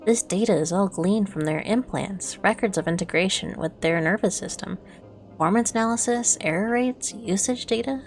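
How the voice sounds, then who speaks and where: A woman reading as a hushed, nervous gang doctor. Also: medium pitch, normal speed, faint music behind, natural voice. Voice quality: hushed, quiet.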